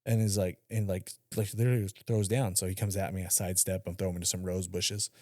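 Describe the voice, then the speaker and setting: A man's voice: low voice, quick pace, dry recording, studio quality. A man co-hosting a podcast, telling stories in a casual, profane chat and acting out the quotes. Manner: animated storyteller, acts out quotes, swears freely. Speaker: podcast co-host.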